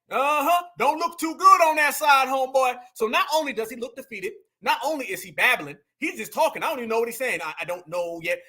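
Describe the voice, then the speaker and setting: A man's voice: very high voice, sharp tone. A man hosting a heated online reaction commentary, mocking as he talks to his chat.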